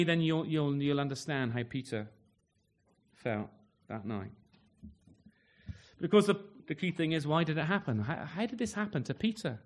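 A man with a voice a little higher than most men's preaches a sermon, speaking conversationally to his congregation. He tags his points with rhetorical questions like "isn't he?" and stumbles into restarts as he reaches for words.

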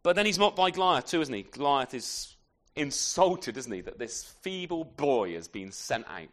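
A man's voice: medium pitch, very animated, moderate pace, a bit bright. A man preaching an expository sermon in a conversational way, often turning his points into tag questions and adding self-deprecating asides.

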